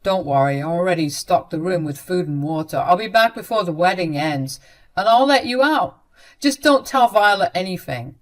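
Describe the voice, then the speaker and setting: A woman voicing a dismissive young man who speaks in a flat, curt, matter-of-fact way. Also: lowish voice, moderate pace, lightly acted. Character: cold adult son, a young man, dismissive.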